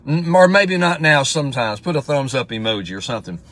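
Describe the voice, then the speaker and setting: A man's voice: medium pitch, big pitch swings, brisk, fairly bright tone. A man giving a casual livestream devotional as pastor, talking in a conversational way and reading scripture aloud with emphasis.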